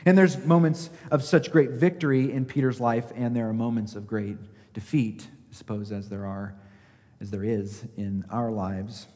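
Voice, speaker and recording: A man's voice: mid-range voice, fairly even intonation, moderate pace, mellow, big-room sound. A man preaching a sermon as pastor, emphatic, asking his listeners rhetorical questions and acting out scripture quotes.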